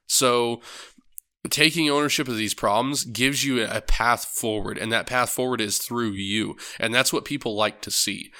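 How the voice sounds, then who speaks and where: A man's voice: mid-range voice, sharp tone, clear, resonant tone. A man hosting a book club podcast, talking casually with rambling asides, frequent swearing and self-deprecating humor. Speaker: podcast host.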